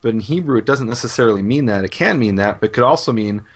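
A man explaining Hebrew terms in a Bible study chat, measured and teacherly with frequent fillers. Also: mid-range voice, animated. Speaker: Hebrew scholar co-host. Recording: dull lo-fi recording.

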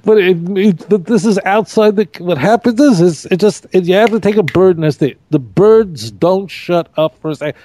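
A middle-aged man, a rabbi, teaching scripture in an emphatic, animated way, repeating key phrases on a podcast. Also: sits high, normal speed, hardly any pauses, no echo. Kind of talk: podcast Bible discussion.

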